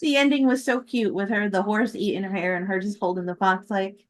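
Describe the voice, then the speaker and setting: A woman in casual chat who speaks haltingly and giggles as she recalls scenes. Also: mid-range voice, fairly even intonation.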